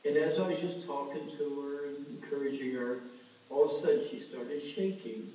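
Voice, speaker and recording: Middle-aged male preacher, earnest storyteller, mellow voice, booming hall echo, heard from a distance. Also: steady tone, normal speed, a little hiss or hum. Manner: storytelling, earnest, addresses the congregation as folks. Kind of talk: sermon. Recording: echoey hall, voice from far off.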